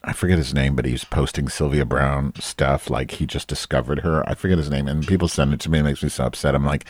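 A man's voice: extremely low pitch, steady tone, fast, few pauses, no room sound. A man hosting a podcast, chatting casually in a rambling, self-deprecating way with campy asides. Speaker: podcast host. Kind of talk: casual solo chat.

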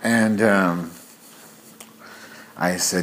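A man's voice: sits low, lively intonation, unhurried, slight background noise. A man telling a rambling, profane anecdote to camera in a casual vlog. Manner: rambling and profane, with many fillers. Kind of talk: casual storytelling.

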